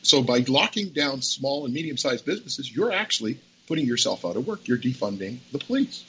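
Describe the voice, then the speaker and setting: Male guest, lively up-and-down pitch, folksy storytelling, dull audio with faint background hiss. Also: brisk, husky. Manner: animated storyteller, folksy sayings. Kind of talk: talk show conversation.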